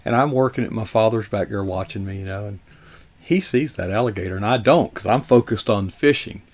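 A man's voice: fairly low pitch, brisk. A man hosting an interview, rambling through childhood stories in casual chat. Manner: rambling reminiscing storyteller. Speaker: show host.

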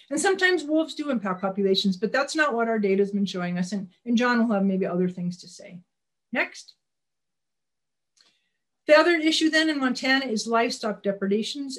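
A woman talks an audience through a wildlife slide presentation in a relaxed, folksy way. Her pitch sits in a middle range, and she often restarts her sentences and calls out for the next slide. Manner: folksy, plainspoken.

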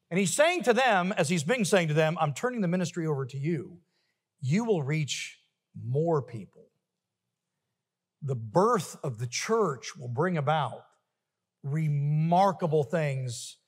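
Guy preaching in a church, high voice, long echoey reverb, gets loud and punchy on repeats. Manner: emphatic, rising to forceful peaks with repeated refrains. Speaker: pastor. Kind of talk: sermon. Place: church sanctuary.

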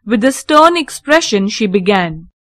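A woman reading a children's story aloud, slow, clear and deliberate. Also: mid-range voice, sing-song, fairly bright tone, no echo.

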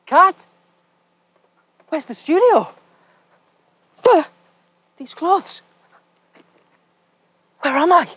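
A young man presenting children's TV, talking to himself in an excitable, giggly comic sketch. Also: very high voice, drawn-out words, pauses often, dry recording. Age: young adult.

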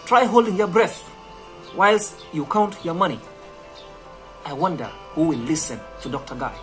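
A man's voice: fairly high pitch, a bit bright. East african guy giving a fired up speech, keeps repeating lines, light music under it. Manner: rhetorical, repetitive, preacherly. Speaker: speaker. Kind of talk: impassioned speech.

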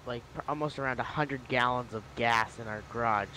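A man talking with a friend over voice chat on a gaming stream, telling a story haltingly with lots of fillers. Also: mid-range voice, sharp tone, a little hiss or hum, low-quality recording. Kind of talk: casual chat on a livestream.

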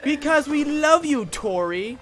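A man's voice: very high voice, expressive, measured pace, soft background music. A man hosting a casual gaming stream, joking and teasing his co-player in playful banter. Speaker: stream host.

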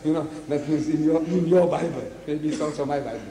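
A South African man giving a public lecture, animated, throwing rhetorical questions at the audience. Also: fairly high pitch, brisk. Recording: echoey hall with faint noise, archive lecture.

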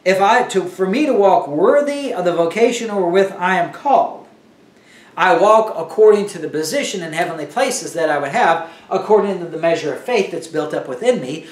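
A man's voice: high-pitched, echoey room, recorded from a distance. A man teaching a Bible lesson in a conversational sermon style, often restarting his sentences.

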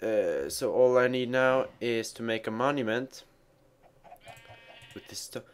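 Guy rambling over his game, mid-pitched, trips over his words and laughs at himself, faint keyboard clicks behind. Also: unhurried, a little hiss or hum. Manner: rambling, self-mocking, stumbling restarts. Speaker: gamer. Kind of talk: casual let's play commentary.

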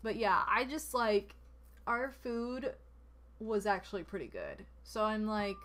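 A woman's voice: mid-range voice, animated, a little slow, a bit bright, a little hiss or hum. A woman streamer chatting casually while she plays, rambling with lots of "like" and gushing thanks to donors. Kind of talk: casual gameplay chat. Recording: music playing behind.

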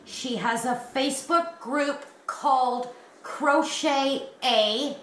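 Canadian woman, 50s, crochet vlogger; excitable, gushing delivery, unhurried, echoey room. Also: sits high, a little hiss or hum. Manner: gushing and excitable, breathless giggles. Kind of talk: casual vlog unboxing.

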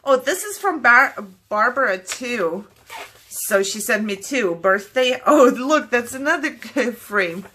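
A woman's voice: on the high side, lively intonation, slow pace, bright, forceful tone, a little hiss or hum. A woman from Germany, talking candidly and apologetically while opening mail, fighting back tears. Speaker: craft vlogger opening mail.

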